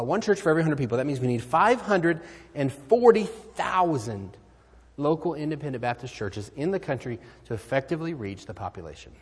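Missionary guy preaching in a church, husky and a bit high, earnest, drops to near whispers, big echoey hall. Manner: earnest, swings from loud exclamations to hushed near-whispers. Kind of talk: missionary sermon appeal. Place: church sanctuary. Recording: hall reverb.

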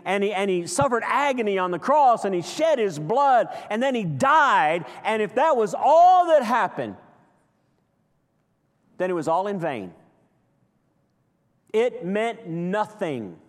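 A man preaching a sermon with passion, swinging from loud outbursts to hushed, slow lines. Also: sits high. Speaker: pastor. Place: church sanctuary. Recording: long hall reverb.

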